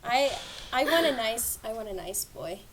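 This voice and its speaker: A woman's voice: on the high side, lively intonation, moderate pace, a bit bright. A woman hosting a podcast, chatting casually with playful, whiny protests. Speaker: podcast host.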